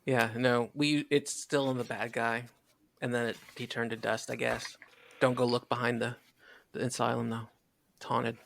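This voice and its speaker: Gravelly-voiced joking game player. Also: male voice, mid-range voice, little pitch movement, normal speed, fairly bright tone. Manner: joking, offhand. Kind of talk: casual tabletop game banter.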